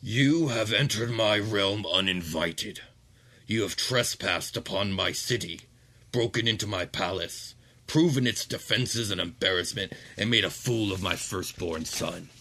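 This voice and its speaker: A man voicing a towering ancient demon archduke who speaks slowly and commandingly. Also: on the low side, pushed and bright, heavily acted. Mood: imperious. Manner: slow, commanding, contemptuous.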